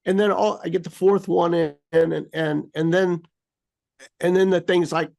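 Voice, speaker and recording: Here an American co-host with a high-pitched, fry-laden voice speaks at a measured pace while telling a story in casual conversation. He's animated throughout, copying beeping noises and acting out his irritation.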